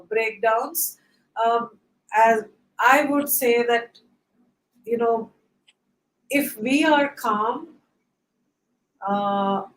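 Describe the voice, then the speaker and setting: A woman giving calm, patient parenting advice as the expert on a webinar panel, pausing often with fillers. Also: fairly high pitch, roomy sound, poor audio. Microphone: video call.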